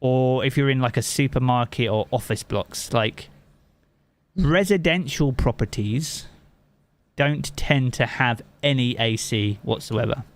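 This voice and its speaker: A man's voice: mid-range voice, measured pace. A man from England with a Southern English accent, a game streamer chatting casually with his live chat and swearing freely.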